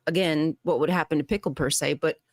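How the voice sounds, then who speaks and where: A woman who is a guest on a talk show, telling a story in an animated, exasperated way with frequent laughs. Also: sits low, a little fast, no echo, studio quality. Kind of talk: casual chat.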